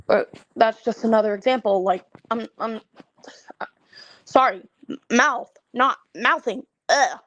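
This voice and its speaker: A woman in her twenties venting to viewers in a casual way, tired and stressed, halting and stammering as she restarts her sentences. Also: fairly high pitch, fairly bright tone, no echo, highs cut off. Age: 20s. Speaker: content creator.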